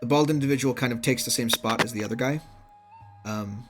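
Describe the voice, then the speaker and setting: A man narrating a tabletop game as game master, relaxed and full of fillers and small laughs. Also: mid-range voice, fairly quick, over music.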